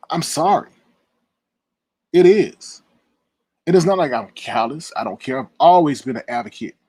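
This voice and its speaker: A man in a heated livestream rant, confrontational and indignant, swinging between loud outbursts and low muttering, with a husky voice. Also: animated, unhurried, pauses often, dry recording. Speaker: live-stream commentator. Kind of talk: heated live-stream rant.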